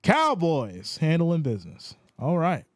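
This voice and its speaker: Male stream host calling game plays; fairly high, animated, dry mic. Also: measured pace, no echo. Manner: animated, rises in pitch when excited. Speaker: live stream play-by-play host. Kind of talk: play-by-play commentary with chat reading.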